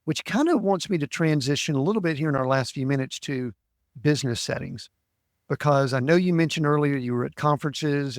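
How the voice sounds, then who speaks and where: A man hosting a podcast interview, asking rambling questions in a relaxed conversational way. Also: a little high, dry recording, clean studio sound. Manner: conversational, leads questions with fillers. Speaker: podcast host.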